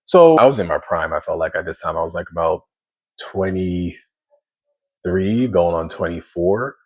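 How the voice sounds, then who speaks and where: A man in his thirties telling his personal testimony in a casual, conversational way, with plenty of fillers, restarts and slow reflective pauses. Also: low-pitched, expressive, husky. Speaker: single dad sharing his testimony.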